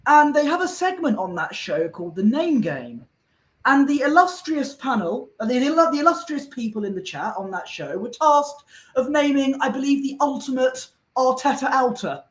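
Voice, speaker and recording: Bloke on a fan panel rambling earnestly, lots of restarts, roomy echoey sound. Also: male voice, very high-pitched, very animated, normal speed, fairly bright tone. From Somerset. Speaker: podcast panel guest. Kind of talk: casual chat.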